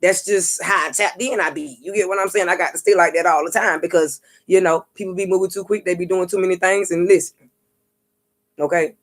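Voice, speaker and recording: Profane, animated storytelling woman. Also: lowish voice, brisk. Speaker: psychic reader and vlogger. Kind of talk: casual storytelling vlog.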